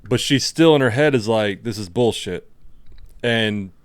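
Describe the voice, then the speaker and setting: Animated podcast co-host man. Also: on the low side, measured pace, smooth, no echo. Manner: animated, laughing retellings with acted-out quotes. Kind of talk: casual podcast chat.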